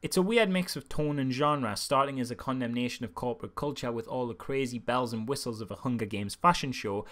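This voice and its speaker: A young man reviewing a film in a casual, comic way, with sarcastic, animated asides. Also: mid-range voice, fairly quick, hardly any pauses.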